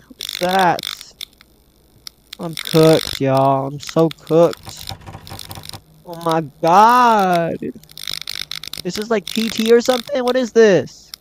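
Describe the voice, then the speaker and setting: A man's voice: high voice, background noise. Jumpy young man playing a horror game. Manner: jumpy, easily startled, talks to himself and viewers. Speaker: gaming channel host. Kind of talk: horror game let's play commentary.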